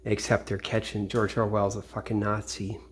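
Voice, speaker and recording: A man's voice: fairly low pitch, level tone, normal speed, a little hiss or hum. A man from Missouri in a rambling late-night monologue. He swears a lot and often trails off into mutters. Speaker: vlogger.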